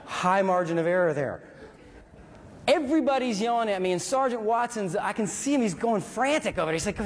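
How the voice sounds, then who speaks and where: A man and military veteran telling a story to an audience, animated and acting out dialogue and sound effects. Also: sits high, fairly quick. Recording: long reverb from a hall.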